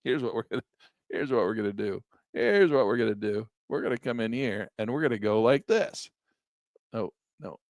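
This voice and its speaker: A man's voice: lowish voice, normal speed, darkish tone, no room sound, clean studio sound. A middle-aged man, a trading instructor, casually thinking aloud through trades on a live screen-share.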